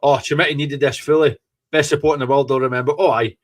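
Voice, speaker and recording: A Scottish man hosting a fan podcast, reacting live to a football match in an excitable, gloating way and swearing freely. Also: mid-range voice, fast.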